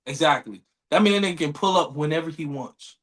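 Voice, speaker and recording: A man's voice: on the high side, expressive, brisk, fairly bright tone. A man co-hosting a podcast in casual banter, slangy, with exaggerated comic outrage. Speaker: podcast co-host.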